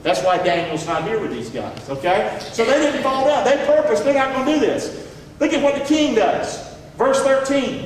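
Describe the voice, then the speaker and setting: A middle-aged man preaches in a high voice, folksy and emphatic, pausing to call for amens. He sounds distant from the mic, his words ringing through a large church with a long reverb tail. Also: big pitch swings, slight background noise. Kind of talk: sermon. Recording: echoey hall from far off.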